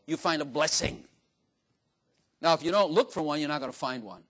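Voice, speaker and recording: A man's voice: a little high, brisk, fairly bright tone. An older man preaching a sermon in a folksy, joking way, acting out little dialogues in different voices. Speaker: pastor.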